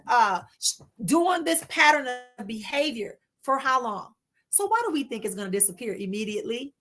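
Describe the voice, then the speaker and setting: Bright-voiced woman hosting a livestream. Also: a little high, very animated. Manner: warm, reassuring, addresses viewers as "my love" and "honey"; drawn-out soothing repetitions. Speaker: spiritual livestream host. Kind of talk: casual livestream chat with viewers.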